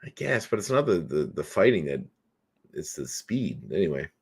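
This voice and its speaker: A man's voice: low-pitched, big pitch swings, moderate pace, gravelly, slightly rough. A married man co-hosting a casual podcast, bantering, guessing numbers and swearing now and then. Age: adult, married. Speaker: podcast co-host. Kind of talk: casual chat.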